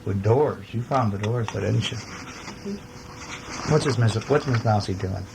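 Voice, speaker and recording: A man's voice: lowish voice, measured pace, gravelly, background noise. A man reading a bedtime story aloud to a child, playful and sing-song, with chatty asides.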